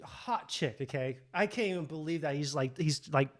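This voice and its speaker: A man's voice: on the high side, normal speed. A man, a guest, telling a story in a rambling, laughing way with lots of swearing, over a video call. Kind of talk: casual storytelling chat.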